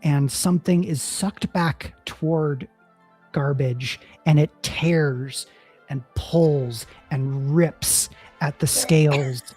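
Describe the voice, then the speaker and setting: A game master narrating a tabletop role-playing battle in a measured, descriptive way, checking in with the players. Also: medium pitch, warm tone, breathy edge. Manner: measured, descriptive, hesitant restarts.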